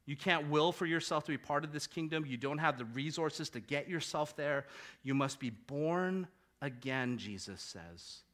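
High-voiced male preacher, emphatic. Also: animated, moderate pace, fairly bright tone. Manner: emphatic, rhetorical questions. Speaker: pastor. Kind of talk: sermon.

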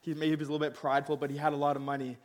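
Young male preacher, slightly high voice, casual, self-mocking storyteller. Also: little pitch movement, rapid-fire. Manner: laughing, self-mocking, acts out quoted voices. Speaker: pastor.

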